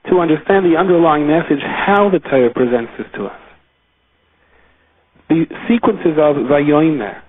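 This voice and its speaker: A man's voice: a little high, husky. A man, a rabbi, giving a weekly Torah lecture in an explanatory way, drawing out key words, heard over a tinny phone line.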